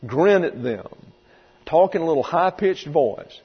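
A slightly rough, fairly high male voice, expressive and unhurried, belongs to a pastor giving an expository sermon. He preaches emphatically and vividly, sometimes performing the voices he quotes, captured in a reverberant hall with dull, lo-fi sound and a mains hum.

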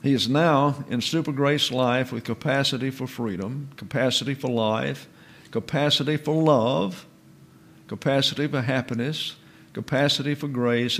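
A man teaches a Bible doctrine lesson as a slow sermon built on Greek word study, carefully explaining how the words are pronounced and repeating terms precisely. His voice is mid-range and a bit bright.

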